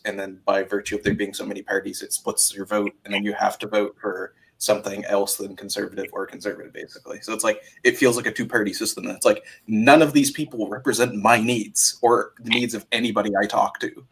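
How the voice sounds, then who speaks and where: A man's voice: fairly low pitch, little pitch movement, fast talker, gravelly, hardly any pauses, fairly bright tone, slight background noise, rough recording. A man from Canada in a casual podcast chat, asking thoughtful questions and stumbling over repeated words.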